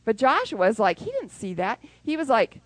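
A woman preaching a sermon who acts out prayers and little scenes, even with sound effects. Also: on the high side, moderate pace, no room sound, rough recording.

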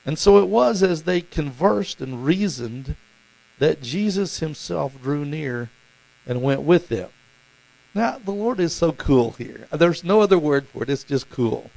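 A man preaching a sermon as pastor, animated and acting out the voices in the stories he tells. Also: on the high side, unhurried, gravelly, poor audio. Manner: animated, acts out voices in quotes.

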